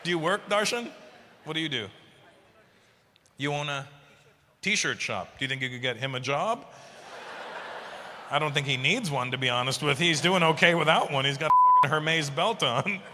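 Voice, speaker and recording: Stand-up comic, man in his fifties, lively pitch, crude mocking delivery, long hall reverb. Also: normal speed, pauses often, slight background noise. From Canada. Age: 50s. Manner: profane, mocking, acts out voices. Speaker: stand-up comedian. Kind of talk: stand-up routine with crowd work. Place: live venue with audience.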